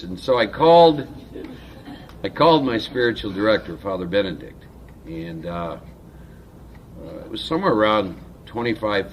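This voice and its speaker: A man giving a personal recovery testimony at a meeting, speaking in a halting, reflective way with many pauses and fillers. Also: sits low, slight background noise.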